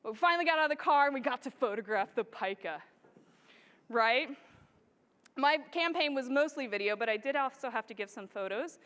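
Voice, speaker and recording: A woman giving an enthusiastic, animated storytelling presentation to a live audience. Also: sits high, fairly quick. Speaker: wildlife photographer giving a stage presentation. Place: large hall with a live audience. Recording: reverberant hall sound.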